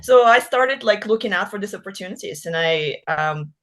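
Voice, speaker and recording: A woman's voice: mid-range voice, lively intonation, moderate pace, a bit bright. Chatty woman author, laughing often. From Russia. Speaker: author guest. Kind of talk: casual interview chat.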